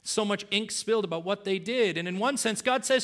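A middle-aged man preaching a sermon as pastor, dropping low and quiet, then rising loud for emphasis. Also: lively intonation, a little fast, few pauses.

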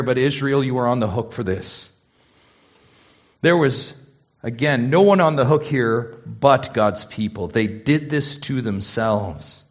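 A man's voice: fairly low pitch, expressive, moderate pace. Preaching man, dull lo-fi sound. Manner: emphatic, rhetorical questions, wide swings between quiet and loud. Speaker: pastor. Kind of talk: expository sermon.

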